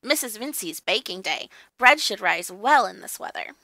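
A woman's voice: medium pitch, lively intonation, moderate pace, vocal fry, sharp tone, no echo. A woman reading aloud, voicing an ancient male hill sprite who is chatty and boastful. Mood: jovial.

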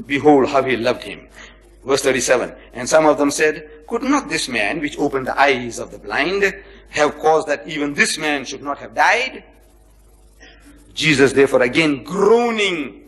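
This rough recording captures a slightly high male voice giving a religious lecture. He reads verses aloud and unpacks them with dramatic flair and rhetorical questions, performing quoted speech and alternating between forceful emphasis and almost-whispered remarks.

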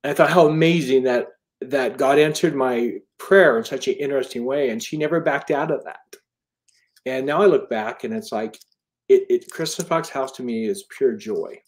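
A middle-aged man recounting a personal story as an interview guest. He speaks earnestly, often stopping to restart a phrase and acting out what people said. His voice sits at an ordinary, medium pitch. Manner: earnest, halting storyteller with many restarts and quoted dialogue.

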